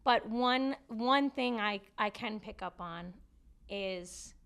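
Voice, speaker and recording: Jersey woman comedian on a podcast, smooth clear voice, easygoing. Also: mid-range voice, fairly bright tone. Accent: New Jersey. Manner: laid-back, laughs easily. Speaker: comedian guest. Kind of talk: casual podcast chat.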